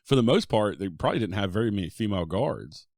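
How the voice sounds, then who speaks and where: A man's voice: on the low side, animated, fast, vocal fry, darkish tone, dry recording, studio quality. A man hosting a podcast, chatting casually and reacting in an easy, agreeable way. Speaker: podcast host. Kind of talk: casual interview chat.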